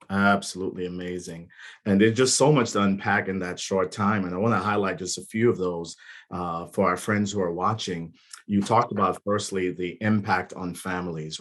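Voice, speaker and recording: A man hosting an interview as a clinician, speaking in an affirming, measured way. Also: low-pitched. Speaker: host, clinician. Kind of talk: interview talk.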